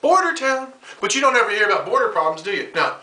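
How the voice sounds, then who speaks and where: An American male comedian hosts a casual comedic monologue in a high, animated, rapid-fire voice that is bright and forceful. He rambles and rants, slangy throughout, calling the listener "bro." The mic is distant in an echoey room.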